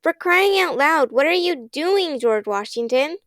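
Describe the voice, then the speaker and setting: A woman's voice: fairly high pitch, a little fast, clear, resonant tone, no echo, studio quality, close to an everyday voice. A woman voicing a cranky, bratty little girl who sneers and snaps in a whiny tone. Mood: cranky, sneering.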